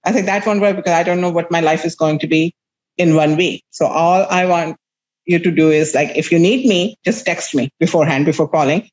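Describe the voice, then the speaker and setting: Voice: mid-range voice, a little fast, highs cut off. A real estate agent as a podcast guest, telling stories candidly and with animation. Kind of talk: conversational interview.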